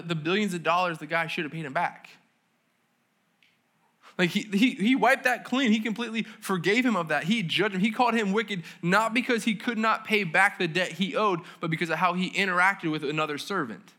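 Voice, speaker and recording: Bright-voiced man preaching casually. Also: high-pitched, a little fast. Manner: casual, conversational preaching with slang and audience questions. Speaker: pastor. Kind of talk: sermon. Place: church service.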